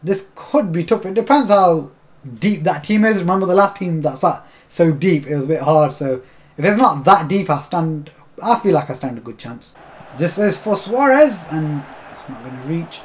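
Young man, gameplay commentary, frequent swearing, angry outbursts, high animated voice. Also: normal speed. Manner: swears a lot, bursts into shouting at the game. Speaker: gaming YouTuber.

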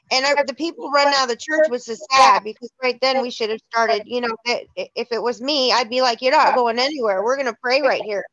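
A woman with a high voice leads a church Bible study, talking casually and laughing as she tells stories. She restarts her sentences often. The sound is dry and lo-fi, like a call. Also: a bit bright, no room sound.

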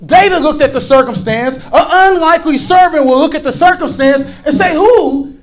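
A man with a strikingly high voice preaches with fervor. His voice rises into shouts as he stacks up rhetorical questions. He often repeats words as he gets worked up. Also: brisk, rough recording. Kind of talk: fiery sermon.

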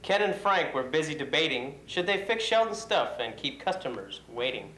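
A man reading a rhyming holiday poem in a steady, measured way for a company video. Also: a little high, slight background noise. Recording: echoey room.

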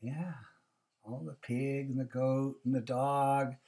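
A woman reading a picture book aloud, pausing for chatty asides to young listeners. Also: rumbling low, steady tone, dark tone. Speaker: reader.

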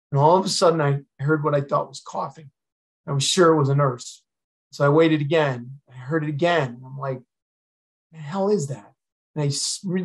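A man's voice: mid-range voice, rough recording. A middle-aged man, a retired fire chief, telling a candid and emotional personal story to an audience.

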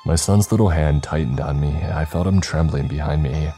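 A man reading a scripted horror story in a slow, measured way. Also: a bass voice, dark tone, soft background music.

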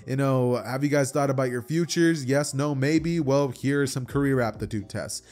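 A man's voice: medium pitch, normal speed, a little mellow, close to an everyday voice. A man doing a teasing laid-back teacher. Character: teasing middle-aged male schoolteacher, laid-back.

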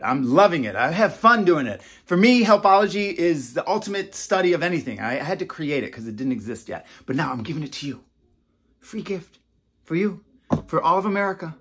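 A man in his fifties hosting a casual talk to camera, animated and teasing, dropping from loud bursts to a hush. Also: on the high side, husky. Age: 50s. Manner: animated, swinging between loud and hushed, teasing. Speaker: self-help author and host.

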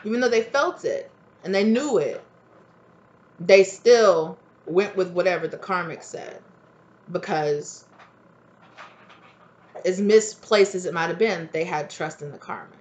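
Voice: medium pitch, a little slow, pauses often. A tarot reader giving a casual, rambling reading, repeating phrases and leaning on "like" and "right?". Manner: rambling, repetitive, full of "like" and "right?".

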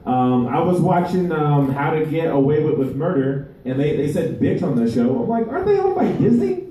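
A male stand-up comedian performing a live set, rambling and halting, with many restarts. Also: on the high side, warm tone, muffled recording. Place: live comedy venue with audience. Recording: echoey room, voice far from mic.

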